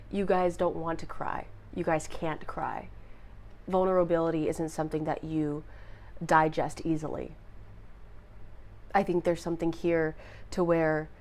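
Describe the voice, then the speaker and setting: Soft, lower-voiced woman reading tarot. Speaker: tarot reader. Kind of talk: intuitive tarot reading to viewers.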